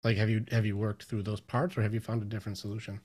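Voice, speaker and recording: A man who works as a mindset coach, chatting as a podcast guest and telling stories with lively acted-out inner dialogue. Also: fairly low pitch, fast. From Michigan, US. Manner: animated storyteller, acts out his own inner voice. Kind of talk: casual interview chat.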